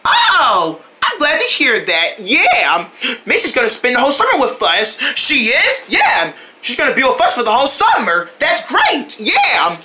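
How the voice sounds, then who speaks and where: A woman voicing all the characters of a homemade toy cartoon, switching quickly between playful voices. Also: fairly high pitch, huge pitch swings, sharp tone.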